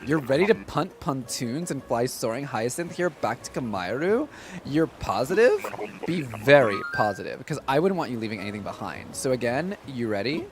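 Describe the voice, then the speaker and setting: A man putting on a cocky, gruff dude-bro pilot voice, speaking in mock-masculine radio chatter. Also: medium pitch, sing-song, moderate pace, music in the background. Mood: mock macho.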